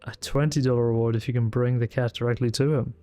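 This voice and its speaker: A man at a tabletop game stream, reading notices aloud in a casual, mid-pitched voice. He muses to himself between items with amused little asides. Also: fairly even intonation, fast, warm tone, dry recording. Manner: musing aloud, chuckling asides.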